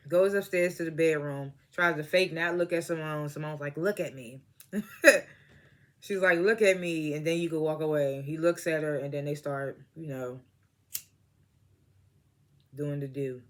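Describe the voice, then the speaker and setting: Chill guy recapping a show, kinda high voice, laughs a lot, says he's stoned. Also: fairly even intonation, a little slow, pauses often. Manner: laid-back, laughs often, acts out character lines. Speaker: TV episode reviewer. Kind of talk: casual recap vlog.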